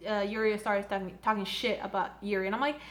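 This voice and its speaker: A woman's voice: medium pitch, flat delivery, fast. A young woman recapping an anime episode casually into a phone, chatty and giggly, swearing and saying "like" often. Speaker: anime reviewer.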